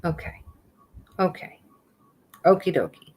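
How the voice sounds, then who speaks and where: A woman's voice: on the low side, big pitch swings, measured pace, a little mellow, husky. A woman live streaming in a casual chat style, speaking bluntly, swearing now and then, and muttering as she reads app text aloud.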